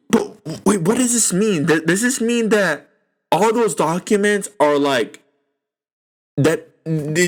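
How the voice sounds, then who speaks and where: A young man hosting a podcast, reacting to news in a casual, excitable way with lots of swearing and slang. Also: high voice, slow pace. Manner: excitable, profane, lots of "dude" and "bro". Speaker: podcast host.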